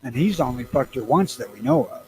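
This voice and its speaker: A man's voice: mid-range voice, expressive, brisk, a little mellow, slight background noise, poor audio. Crude middle-aged man with a Southern accent. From Missouri. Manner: crude, profane, rambling storytelling. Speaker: podcast co-host. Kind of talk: casual chat.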